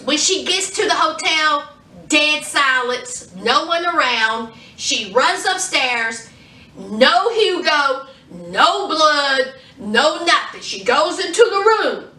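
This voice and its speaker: Brief: animated woman reviewer, slow and unhurried, acts out the lines, bright tone. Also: high voice, echoey room, recorded from a distance. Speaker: TV show reviewer. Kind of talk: casual episode recap.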